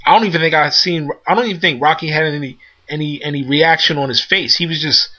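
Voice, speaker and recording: A man telling a long casual story in loose street slang, jumping into quick voices for his friends. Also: fairly high pitch, bright, forceful tone, muffled recording. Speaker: storyteller recounting arcade days.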